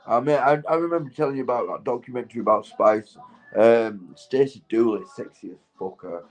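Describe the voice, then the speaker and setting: A man talks in a loose, rambling vlog monologue while stoned. He swears constantly, drifts between thoughts, and breaks into laughter. His voice sits at an ordinary, mid-range pitch. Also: a little fast, low-quality recording. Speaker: vlogger.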